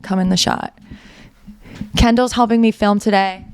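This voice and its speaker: A woman's voice: mid-range voice, steady tone, normal speed, darkish tone, clear, resonant tone, no room sound, clean studio sound. A woman hosting a podcast, chatting casually to camera in a rambling, self-interrupting, wry and exasperated way. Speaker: podcast host. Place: indoors, under a blanket.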